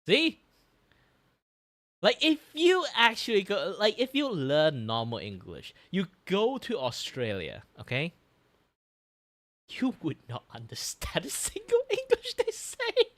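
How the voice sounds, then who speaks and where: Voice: medium pitch, slow, no echo. An art streamer reacting in casual chat, rambling with lots of fillers. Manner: rambling, many fillers, animated.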